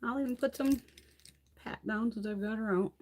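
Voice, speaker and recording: A woman's voice: on the high side, moderate pace, a little mellow, a little hiss or hum. Blunt, foul-mouthed woman livestreamer. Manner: blunt, profane, ranting gossip. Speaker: beauty livestream host. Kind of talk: casual chat during a live makeup swatch stream. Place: home, in Connecticut.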